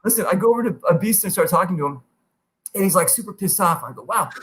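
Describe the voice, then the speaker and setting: A man hosting a podcast, telling stories in a casual, animated way, swearing freely and jumping into high-pitched quoted voices. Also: fast. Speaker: podcast host. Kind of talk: casual storytelling chat.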